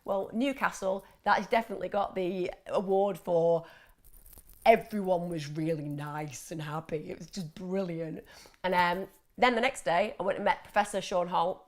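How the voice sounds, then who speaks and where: Hosting a mental health Q&A livestream, a woman with a lowish voice speaks at normal speed. She's chatty and animated, reading viewer questions aloud, laughing a lot and imitating voices.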